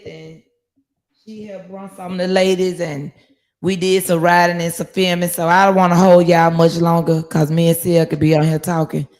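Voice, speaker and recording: A woman hosting a casual livestream from her phone, telling stories in a lively, profane way. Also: on the low side. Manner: lively, profane storytelling with laughs. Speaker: livestream host.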